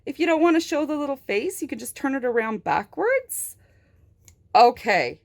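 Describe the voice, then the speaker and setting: A young adult woman reviewing toys in an unboxing video, gushing and excitable, gasping with delight. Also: high voice, moderate pace, vocal fry. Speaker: toy reviewer.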